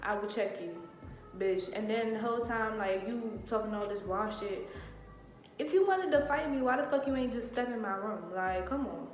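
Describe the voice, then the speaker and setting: A woman's voice: mid-range voice, normal speed, soft background music. Profane young woman, very echoey room. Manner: profane, animated storytelling. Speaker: vlogger. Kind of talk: casual storytime. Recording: very echoey room with long reverb.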